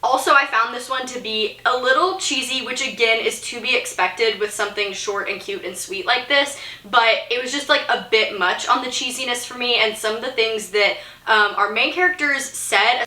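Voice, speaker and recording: Chatty young woman with a bright voice. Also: on the high side, moderate pace, few pauses. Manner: chatty, giggly, frequent fillers. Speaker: book vlogger. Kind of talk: casual reading vlog chat. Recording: roomy echo.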